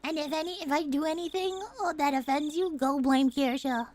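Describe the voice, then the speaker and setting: A young adult woman streaming a game, chatting casually with bursts of yelling and laughter. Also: high-pitched, fairly quick, slight background noise. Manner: excitable, loud outbursts and frequent laughter. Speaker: streamer and voice actress. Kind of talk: casual live-stream chat.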